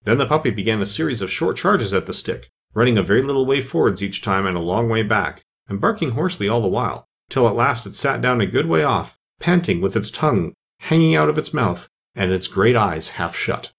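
A man reading a children's storybook aloud as narrator, in expressive, lively storytelling. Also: on the low side, fairly quick, gravelly, few pauses, breathy edge. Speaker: audiobook narrator.

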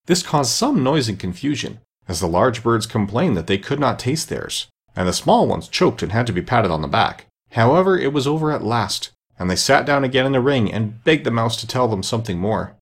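Husky, animated male storyteller. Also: medium pitch, brisk, hardly any pauses. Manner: expressive, animated reading. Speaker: reader. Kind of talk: storybook narration.

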